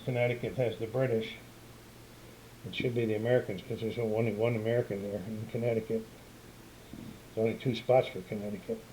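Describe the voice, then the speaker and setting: An older man walks through a board game setup in a relaxed, plainspoken way, wandering a bit as he explains. His voice sits at an ordinary middle pitch. The camera microphone gives a slightly muffled, lo-fi sound. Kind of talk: casual tabletop game walkthrough. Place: room at home by a game table.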